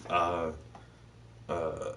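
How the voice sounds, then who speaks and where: A man with a lowish voice talks loosely in a casual chat, swearing freely and slipping into slang. He sounds a little distant from the microphone. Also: level tone, very slow, sharp tone, a little hiss or hum. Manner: loose, swearing storyteller voicing people in his stories. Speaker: host.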